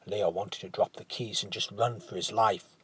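A man narrating a storybook tale in a hushed, dramatic manner that often drops to a whisper. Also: fairly low pitch, steady tone, moderate pace, breathy edge, no echo.

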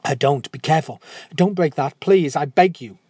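Brief: desperate broken giant, pitched up and pushing loud, put on by a male storyteller. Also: normal speed, slightly rough, no echo. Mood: terrified pleading. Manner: begging, frantic. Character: pleading heartless male giant, broken and frightened.

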